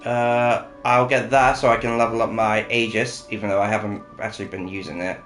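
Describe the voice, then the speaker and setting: A man's voice: lowish voice, little pitch movement, brisk, fairly bright tone. A man co-hosting a casual gaming session, chatting and thinking aloud with lots of fillers as he plays. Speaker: co-host playing the game. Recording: roomy echo with faint music.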